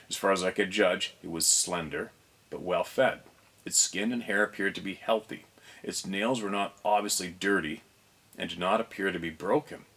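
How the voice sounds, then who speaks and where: A man hosting a show, reading a first-person story aloud, unhurried, stopping now and then to reread or fix a slip. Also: sits low, a bit bright.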